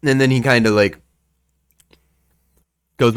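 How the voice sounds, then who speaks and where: A man narrating a tabletop game as game master in a casual, halting way. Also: lowish voice, fairly bright tone. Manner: casual, halting, many restarts.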